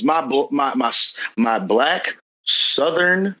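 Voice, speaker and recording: A man's voice: on the high side, lively intonation, measured pace, bright, forceful tone, rough recording. A young man hosting a podcast, talking earnestly in casual conversation and repeating phrases for emphasis. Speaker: podcast host.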